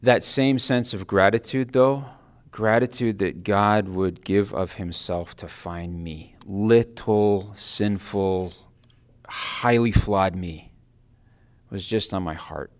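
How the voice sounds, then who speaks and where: A man giving a personal devotional talk, earnest and reflective, his phrases often trailing off softly. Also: fairly low pitch, slow. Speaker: Christian speaker giving a Lenten reflection.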